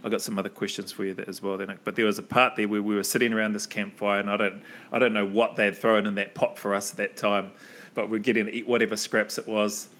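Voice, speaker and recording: A man's voice: fairly low pitch, little pitch movement, fast talker, a bit bright. A man hosting a podcast, reminiscing earnestly in casual conversation and laughing often. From New Zealand. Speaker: podcast host.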